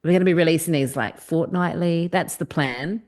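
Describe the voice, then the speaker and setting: Low-pitched and a little mellow, this Australian podcast co-host talks at a moderate pace. She's laid-back and cheeky in the casual conversation, swearing and laughing without holding back.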